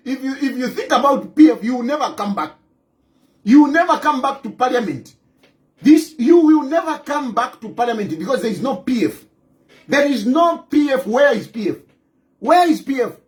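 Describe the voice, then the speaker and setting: A Zambian man giving an impassioned political monologue to camera, forceful and repetitive, hammering his points again and again and breaking into scornful laughs. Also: extremely high pitch. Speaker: political commentator.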